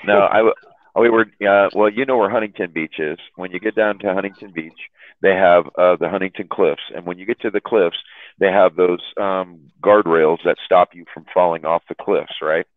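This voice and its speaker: Over a dry, tinny phone-like line, a low-voiced man tells long, meandering stories to a chat room at a moderate pace. His tone stays steady, with no echo, though he trips over and repeats words and laughs a lot.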